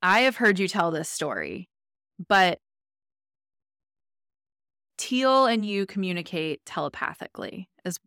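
Podcast host, woman, lower voice, dry close mic, conversational. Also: big pitch swings, unhurried, long pauses, a bit bright, smooth, no room sound. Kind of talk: casual interview talk.

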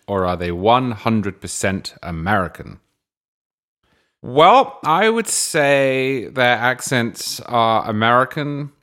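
English guy hosting his podcast, lowish voice, dry jokey tone. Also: a bit bright. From England. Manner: wry, dry humor. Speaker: podcast host. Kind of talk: podcast monologue answering listener questions.

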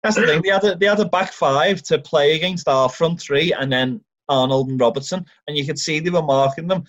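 A man's voice: fairly high pitch, a little fast, dry recording. An Irish man co-hosting a podcast, chatting casually and enthusiastically about football. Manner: enthusiastic, animated storytelling with acted-out quotes. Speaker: podcast co-host.

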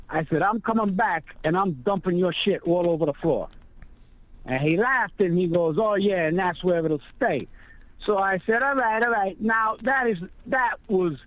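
A man's voice: high voice, dry recording, low-quality recording. A man on a talk show telling a profane, boastful story about a fight at work in a brash, casual way.

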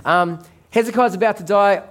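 High-voiced man preaching a sermon. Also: moderate pace. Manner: conversational, jokes with congregation. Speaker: pastor.

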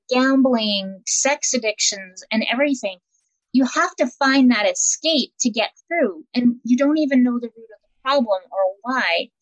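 A woman's voice: on the high side, no room sound, rough recording. A woman being interviewed as an empowerment coach, talking in an earnest, reflective way and often restarting her sentences. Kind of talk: casual interview conversation.

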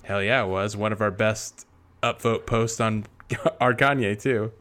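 A man chatting casually as a podcast co-host, with a somewhat low voice. He sounds easygoing and conversational. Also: steady tone, measured pace, a bit bright. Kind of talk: casual chat.

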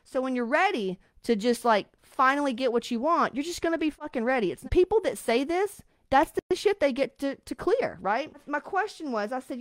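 A blunt woman coach delivers a podcast monologue in a fairly high voice and swears freely. She pushes her points with sudden loud, rising bursts. The sound is dry and close, with no room echo. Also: animated, fairly quick.

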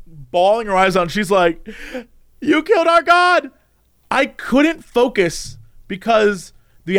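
A man in casual conversation, recounting a strange recurring dream with lively delivery and frequent laughs. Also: sits high. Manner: animated, acts out quoted voices, laughs often. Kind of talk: casual storytelling chat.

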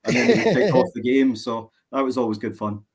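A man's voice: mid-range voice, sing-song, a little fast, vocal fry, over a noisy crowd. A man in casual chat, boisterous and bragging, talking from outdoors on a boat. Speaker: regular co-host.

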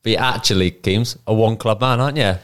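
A man's voice: on the low side, brisk, clear, resonant tone. A man co-hosting a podcast, making jokey asides with a chuckle. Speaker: podcast co-host, former footballer. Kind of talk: casual chat.

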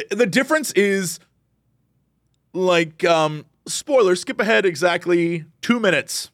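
A man co-hosting a casual podcast, ranting in an animated way and jumping into quoted voices. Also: high voice, slow pace, no echo, studio quality. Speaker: podcast co-host.

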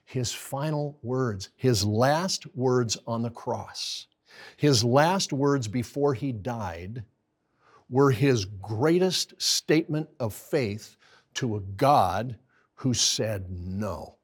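A man's voice: mid-range voice, animated, very slow, breathy edge. An American man teaching a Bible study in an earnest sermon style, building to pleading intensity when quoting prayers.

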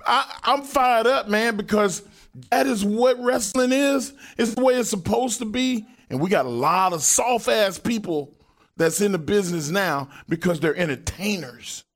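A man's voice: high-pitched, unhurried, fairly bright tone. A man, co-host and former wrestler, talking in casual podcast chat, fired up, blunt and swearing often.

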